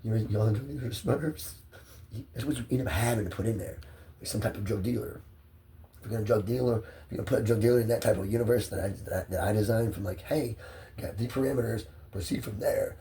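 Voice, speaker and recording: A man's voice: on the low side, quick pace, warm tone, distant mic, a little hiss or hum. Stressed man rambling into his phone. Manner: rambling, profane, drifting from topic to topic. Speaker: vlogger.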